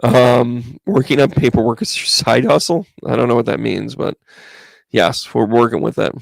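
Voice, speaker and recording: A chatty man reads tarot cards for a live-stream audience and greets viewers by name as he talks through each card. His voice has a gravelly, creaky edge at an everyday middle pitch, and the sound is close and dry. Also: normal speed, no room sound. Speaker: psychic medium giving tarot readings.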